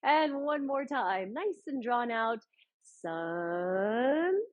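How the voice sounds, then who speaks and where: Slow, gentle woman leading chair yoga. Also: high-pitched, expressive, narrow, tinny audio. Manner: gentle, encouraging cues with frequent fillers. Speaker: adaptive yoga instructor. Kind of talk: guided chair yoga class.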